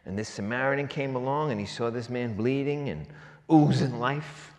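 A male pastor preaching a sermon, asking rhetorical question after question and swinging between loud emphasis and hushed lines. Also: mid-range voice, moderate pace. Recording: long reverb of a large hall.

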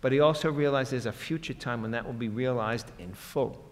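Conversational preacher man in a reverberant hall. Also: brisk. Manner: conversational, acts out quoted voices with jumps in pitch. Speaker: pastor. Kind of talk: sermon.

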